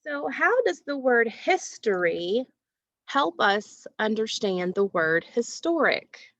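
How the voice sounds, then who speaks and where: A woman teacher giving a recorded phonics lesson to children, asking questions and pausing patiently for answers. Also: a little high, sing-song, a bit bright, dry recording, muffled recording. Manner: slow, patient, asks questions and pauses for answers.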